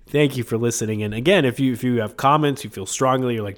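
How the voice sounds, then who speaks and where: A man's voice: mid-range voice, a little fast. A man hosting a podcast in casual chat, talking with a sick, congested voice and rambling with many fillers and chuckles. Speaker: podcast host.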